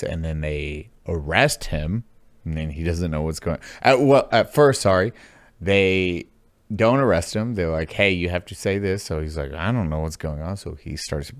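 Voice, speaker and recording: A man hosting a casual podcast chat, animated and swearing, laughing a lot and jumping into high mock voices. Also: dry recording. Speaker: podcast host.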